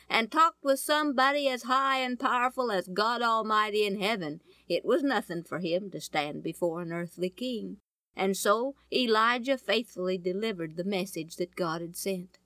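A woman telling a Bible story in a folksy, animated way, often asking her listeners questions. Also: mid-range voice, normal speed, dry recording. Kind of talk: storytelling to an audience.

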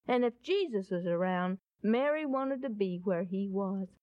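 A woman telling a Bible story in a folksy, animated, dramatic way and closing with a gospel appeal, on a dull lo-fi recording. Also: mid-range voice, a little slow, dry recording.

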